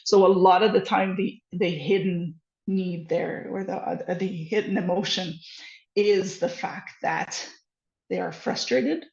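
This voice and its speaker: A woman giving casual parenting advice, animated and quick to laugh, with frequent restarts. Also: lowish voice, gravelly. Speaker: parenting educator. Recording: echoey room, dull lo-fi sound.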